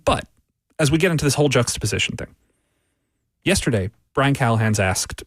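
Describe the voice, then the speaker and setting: A man on a sports radio show, talking through training camp with an analyst's steady reasoning. His voice is mid-pitched and the sound is close and dry, with no room around it. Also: brisk, pauses often, no echo. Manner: analytical, builds arguments with repeated phrases. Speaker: sports writer and radio guest.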